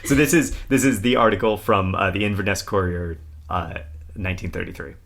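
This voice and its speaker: A man's voice: sits low, fairly even intonation, brisk, vocal fry, fairly bright tone. A man co-hosting a podcast, telling a history story in casual chat, laughing often and reading old newspaper text aloud. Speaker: podcast co-host.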